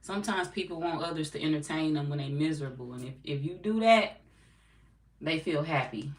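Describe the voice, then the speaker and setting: A woman's voice: low-pitched, a little fast. A woman from St. Louis with a local accent, a tarot reader chatting casually and bluntly with her live chat, cursing and laughing often. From St. Louis, US Midwest. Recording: echoey room, distant mic, faint noise.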